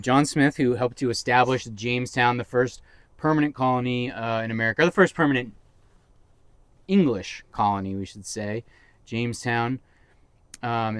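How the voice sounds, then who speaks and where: A man's voice: medium pitch, clear, resonant tone, no room sound. A man co-hosting a casual podcast, rambling and joking with mock-dramatic outbursts. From Massachusetts. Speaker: podcast co-host. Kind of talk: casual chat.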